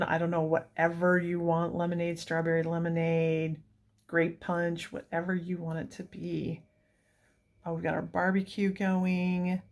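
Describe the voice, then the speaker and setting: A woman chatting through a coloring book, gushing over each page and wandering off into rambling asides. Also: on the low side. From United States.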